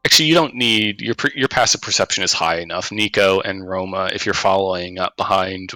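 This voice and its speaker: A man running a tabletop game as game master, narrating at an unhurried pace with frequent hesitations. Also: sits low, pushed and bright, dry recording, poor audio.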